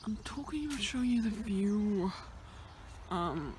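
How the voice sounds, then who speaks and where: A woman films herself out on a hillside and talks nervously to her camera, sometimes whispering and sometimes blurting out loud. Her pitch jumps around a lot. Faint outdoor noise sits under the voice. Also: expressive, unhurried. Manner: nervous, chatty, switching between whispers and exclamations. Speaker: vlogger. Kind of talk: casual vlog narration while hiking. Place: outdoors on a hillside near fenced fields.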